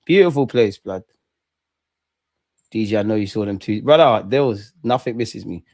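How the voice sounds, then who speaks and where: A young man, chatting with viewers and shouting them out during a live football watch-along. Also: lowish voice, expressive, normal speed, no echo, studio quality. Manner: chatty slang-heavy banter, shouting out viewers. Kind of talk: live reaction chat.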